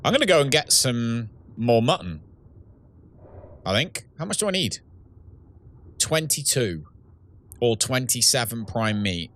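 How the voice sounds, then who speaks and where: A man's voice: mid-range voice, very animated, measured pace, long pauses, fairly bright tone. A man, chatting casually with viewers while playing a game live, reading out chat messages and laughing often. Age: 30s. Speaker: streamer and host. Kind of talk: casual livestream gaming chat.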